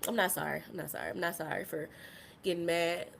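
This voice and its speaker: A woman's voice: fairly low pitch, steady tone, fast talker, creaky, a little hiss or hum. Impassioned woman ranting on a live stream. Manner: impassioned, profane, swings from soft to shouting. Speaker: podcast host.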